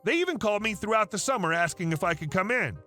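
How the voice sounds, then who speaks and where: A man's voice: sits high, animated, fast talker, bright, forceful tone. A man narrating online stories in a casual, wry storytelling tone. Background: faint music.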